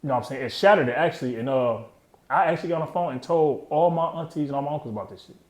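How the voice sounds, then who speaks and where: A man's voice: fairly high pitch, expressive, rapid-fire, darkish tone, roomy sound. A man in his thirties telling his own story candidly in an interview, streetwise and heavy on slang, often trailing off. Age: 30s. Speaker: interview guest.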